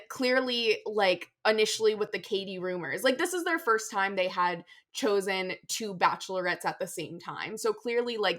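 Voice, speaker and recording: A young woman co-hosting a casual chat show, tired and talking in an animated way with many fillers and restarts. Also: mid-range voice. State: tired after a vaccine. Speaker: podcast co-host.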